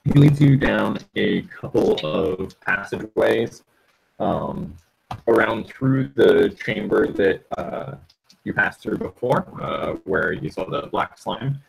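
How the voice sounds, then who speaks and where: Man game master, gravelly and husky, halting narration full of ums. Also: lowish voice, expressive, poor audio. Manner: halting, lots of ums and uhs.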